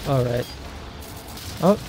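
A young man streaming a war game live, reacting loudly, swearing and yelling at his teammates. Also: slow pace. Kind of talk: live gameplay commentary.

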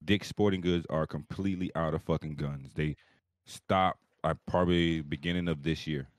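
A man's voice: a bass voice, moderate pace, no echo, clean studio sound. A man co-hosting a podcast over a video call, telling a long profane story in casual chat. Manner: rambling, profane, animated storyteller. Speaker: podcast co-host.

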